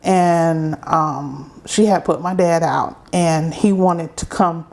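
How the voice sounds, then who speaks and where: Middle-aged woman guest, low-leaning voice, halting testimony with pauses. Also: fairly even intonation, vocal fry, a little mellow. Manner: halting, unhurried storytelling with pauses. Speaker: interview guest. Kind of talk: personal testimony in conversation.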